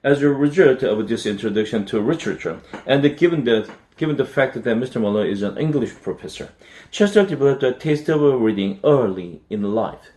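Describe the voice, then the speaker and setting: A man's voice: mid-range voice, lively intonation, fairly quick, darkish tone. A man from Korea, reading an English children's book aloud as practice, with careful phrasing and small restarts. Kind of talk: storybook read-aloud practice.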